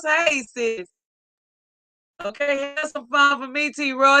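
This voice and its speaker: A woman's voice: high-pitched, slow, sharp tone, dry recording. A woman hosting a casual live stream, reading viewer comments aloud in an upbeat, effusive way.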